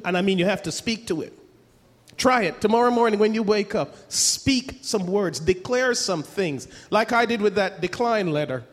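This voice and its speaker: A man preaching a sermon, emphatic, asking rhetorical questions and repeating his points. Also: high voice. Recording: long hall reverb.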